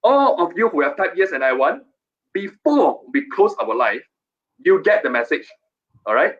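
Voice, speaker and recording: A man hosting a live stream, coaxing viewers in a repetitive, playfully scolding sales-pitch manner. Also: very animated, moderate pace, a bit bright, highs cut off.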